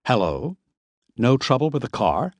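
Brief: cool, teasing woman in her thirties, as a male narrator reads her, lifted pitch. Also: very animated, a little slow, no room sound. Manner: cool, amused, offhand.

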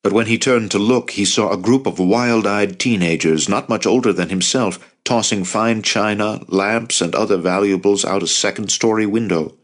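A man narrating an audiobook in a steady, measured reading voice. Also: lowish voice. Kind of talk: scripted narration.

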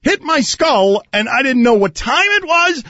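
A man with a high voice hosts a sports radio show. He talks in lively, mock-indignant banter, often laughing mid-story. The studio sound is dry and a touch muffled. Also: measured pace, dry recording.

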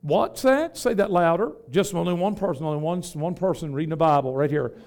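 A Pentecostal bishop with a high, smooth, ringing voice preaches to his congregation. He talks in a rhythmic, folksy way and keeps calling questions out to the room. The sound is clear and resonant, the voice of a man at home in the pulpit. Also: a little fast, a little mellow. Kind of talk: sermon. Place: church before a congregation.

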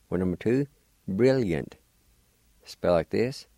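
A man teaching a slow radio language lesson, spelling words letter by letter. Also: low voice, expressive, dark tone, no room sound.

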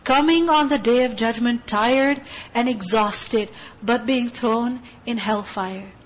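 A woman with a high voice teaches a Quran tafsir lesson. She speaks earnestly, asking rhetorical questions and reciting Arabic verses quickly between explanations. The recording sounds dull and lo-fi.

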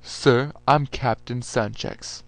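A formal army captain, read by a man narrating a story, reporting slowly and carefully to an officer. He is polite and correct, and his voice stays close to the reader's own. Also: mid-range voice, fairly even intonation, creaky, no room sound, soft background music. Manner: slow and formal.

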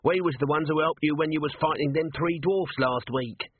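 A man's voice: a little high, normal speed, slightly rough, pitched above the performer's own voice. A man voicing a sly, cowardly male watch corporal with a wheedling manner in a storybook reading. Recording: tinny lo-fi narrow-band audio.

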